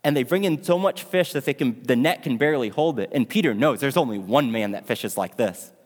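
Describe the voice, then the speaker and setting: Speaking a little fast in an animated, mid-range voice, a pastor dramatizes a sermon story and keeps asking his listeners questions. The recording carries long hall reverb.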